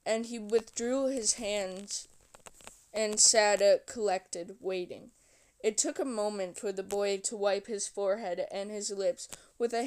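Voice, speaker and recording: A woman reading a novel aloud with slow, measured narration. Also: mid-range voice, a little mellow, smooth. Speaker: reader.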